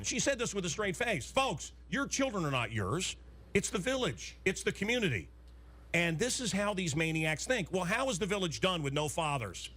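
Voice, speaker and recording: A middle-aged man hosting talk radio, ranting in an excitable, rambling way with many restarts and blunt jokes. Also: high-pitched, fairly quick. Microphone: studio microphone.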